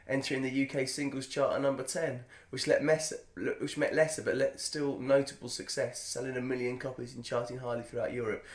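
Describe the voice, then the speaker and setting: A man's voice: medium pitch, level tone, a little fast, hardly any pauses, roomy sound. A man co-hosting a podcast, reading aloud in a jokey, digressive way and laughing often. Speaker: podcast co-host. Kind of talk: casual chat reading aloud.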